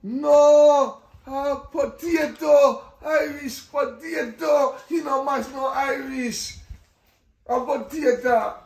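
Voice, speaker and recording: A man with a Jamaican accent playing a cheeky grandson who teasingly corrects his grandmother's words, drawing them out slowly. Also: high voice, distant mic. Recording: roomy echo.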